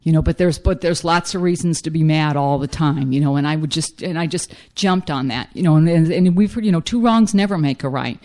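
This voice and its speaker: A woman's voice: low-pitched, brisk, hardly any pauses, a little mellow. A middle-aged woman giving a frank, self-mocking personal recovery testimony as a speaker at a meeting.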